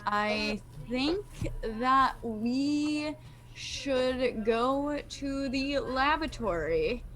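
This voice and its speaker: Woman playing a polite ship diplomat, high voice, slow speech, tabletop game. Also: lively intonation, a bit bright, exaggerated voice. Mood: calm. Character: Reva, young woman ship counselor and diplomat.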